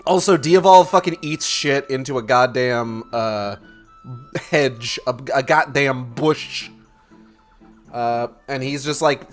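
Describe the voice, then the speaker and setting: A man's voice: medium pitch, fairly bright tone. A man casually recapping a movie plot as a streamer, in a rambling way full of swearing and fillers.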